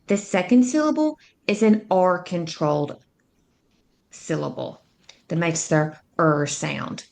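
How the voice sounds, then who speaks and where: A woman tutor narrating a phonics lesson, speaking slowly and clearly as she sounds out words and syllables. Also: lowish voice, a little mellow. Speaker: reading tutor.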